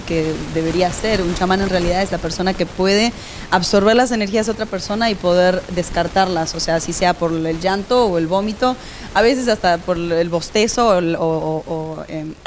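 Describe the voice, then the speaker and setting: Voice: medium pitch, fast, noisy background. An interviewer in a casual conversation who relays the guest's words, switches languages and asks curious questions while laughing along.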